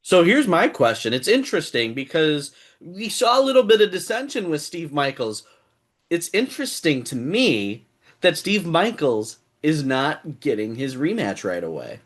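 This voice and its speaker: A man's voice: on the high side, big pitch swings, moderate pace. A man hosting a podcast, asking pointed, inquisitive questions. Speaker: podcast host. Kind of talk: interview questions.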